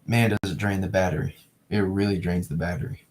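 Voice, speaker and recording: A man's voice: low-pitched, fairly even intonation, fairly quick, darkish tone. A young man from New England chatting casually to his live-stream viewers, rambling and repeating himself as he reads the chat. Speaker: weather streamer.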